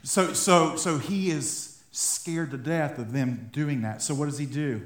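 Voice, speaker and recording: A man's voice: mid-range voice, moderate pace, few pauses. A man preaching a sermon in a conversational way, acting out little quotes and building to fired-up emphasis. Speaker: pastor. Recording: echoey room.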